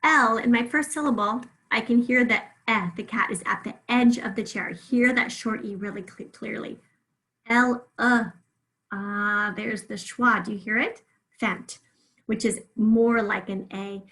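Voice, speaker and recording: A woman teaching a remote phonics lesson, patiently drawing words out slowly so listeners can hear each sound. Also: fairly high pitch, fairly even intonation, fairly bright tone, rough recording.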